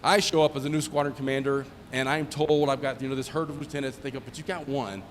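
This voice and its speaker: A man's voice: mid-range voice, flat delivery, fast talker. A middle-aged man, a former squadron commander, giving a joking anecdotal speech at a retirement ceremony and acting out the dialogue in his stories. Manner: joking storyteller who acts out dialogue. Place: ceremony hall. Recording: long hall reverb, faint ambient noise.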